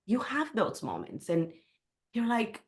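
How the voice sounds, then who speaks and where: A woman's voice: on the high side, wildly swooping pitch, a little slow, gravelly. A middle-aged woman, a podcast guest, telling a personal story candidly and with feeling, her English sometimes slipping in grammar. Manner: candid and emotional, with non-native grammar slips.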